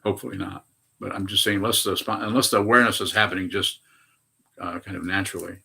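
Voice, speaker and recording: A man's voice: low voice, fairly even intonation, fast talker, vocal fry, sharp tone, husky. A man in his eighties, a Buddhist meditation teacher, giving a rambling dharma talk full of hesitations and self-corrections. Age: 80s. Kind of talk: dharma talk answering questions.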